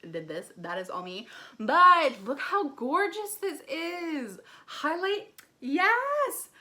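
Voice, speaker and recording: A woman's voice: on the high side, bright, forceful tone. Gushing, bubbly young woman unboxing. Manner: gushing, gasps often, lots of "like" and "oh my gosh". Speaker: beauty vlogger. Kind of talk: excited unboxing vlog. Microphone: ring light setup, desk camera.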